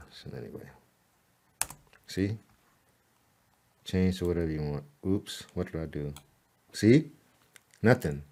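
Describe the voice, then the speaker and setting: Man with a slightly low voice, talking a client through site edits: loose, repetitive, good-humored. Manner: relaxed, chatty, repeats "all right" and "boom"; laughs at himself, mutters to the slow computer. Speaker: web designer walking a client through site editing. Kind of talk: casual screen-recorded tutorial.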